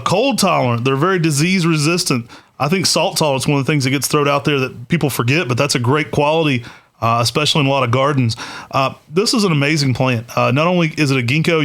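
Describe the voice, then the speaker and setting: Eager man with a higher voice. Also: a bit bright. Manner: enthusiastic, with frequent "uh" fillers. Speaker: podcast co-host. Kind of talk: casual podcast chat.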